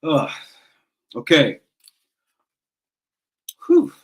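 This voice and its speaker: Fired-up ranting sports fan host. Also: male voice, a little high, wildly swooping pitch, extremely slow, rough recording. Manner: passionate, ranting, swears, stumbles and restarts. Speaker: sports call-in show host. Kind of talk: casual fan talk show.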